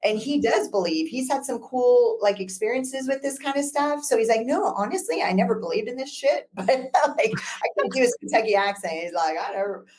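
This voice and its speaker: A woman's voice: on the high side, normal speed, hardly any pauses. A woman guest on a business podcast, a broker talking casually and laughing often as she tells stories. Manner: chatty, laughs often, lively storytelling.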